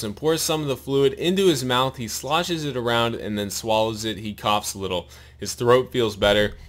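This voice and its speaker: Man reading aloud with a sore mouth. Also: medium pitch. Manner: steady read-aloud narration with pained asides. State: sore, bleeding mouth after wisdom tooth removal. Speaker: storyteller reading a long joke.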